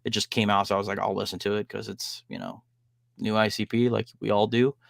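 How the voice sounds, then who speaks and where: A man hosts a casual music podcast, rambling through his thoughts with plenty of fillers and blunt swearing. His voice sits a little low. The sound is dry and close. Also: little pitch movement, brisk, creaky, no room sound. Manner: rambling, lots of "like" and "um". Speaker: podcast host. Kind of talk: casual music review chat.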